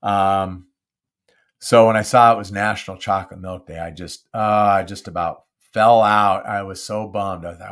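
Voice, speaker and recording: An older man from Southern California hosting a live podcast, chatty and animated, talking close into a studio mic. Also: on the low side, moderate pace. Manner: chatty and animated, self-deprecating. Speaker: podcast host. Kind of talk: casual live podcast chat. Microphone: close studio mic with windscreen.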